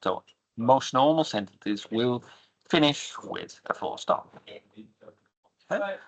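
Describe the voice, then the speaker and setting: A man's voice: mid-range voice, big pitch swings, slow, creaky, poor audio. A man teaching an online English grammar lesson, patiently explaining and asking rhetorical questions.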